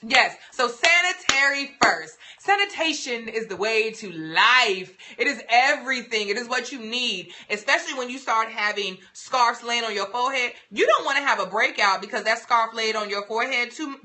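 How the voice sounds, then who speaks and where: Young woman, livestream host, sassy and playful, bright forceful voice, fairly high. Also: expressive, moderate pace, hardly any pauses. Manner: sassy, playful, emphatic repetitions. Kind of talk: casual livestream tips talk.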